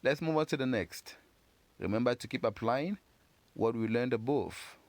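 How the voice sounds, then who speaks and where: A man's voice: medium pitch, animated, a little mellow, no room sound. Patient man teaching French sounds. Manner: patient, encouraging, repeats words slowly. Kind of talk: pronunciation lesson for learners.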